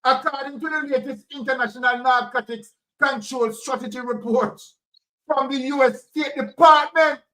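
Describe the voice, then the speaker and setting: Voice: high voice, steady tone, normal speed, bright, forceful tone, far from the mic, poor audio. A political commentator with a Jamaican accent, talking emphatically and repeating phrases in Jamaican Patois. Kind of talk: impassioned commentary.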